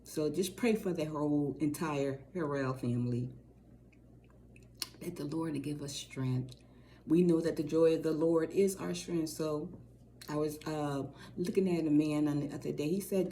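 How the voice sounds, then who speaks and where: A middle-aged woman talks casually to her viewers in a lowish, mellow voice. She rambles warmly and repeats her phrases. Faint noise sits behind the recording. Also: a little slow. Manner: warm, rambling, repeats phrases, says y'all. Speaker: co-host of a faith channel. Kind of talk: casual direct-to-camera talk.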